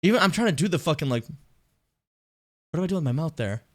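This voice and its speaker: A man's voice: a little high, animated, fast. A young adult man streaming, reacting to his old videos in a rambling, profane, self-mocking way.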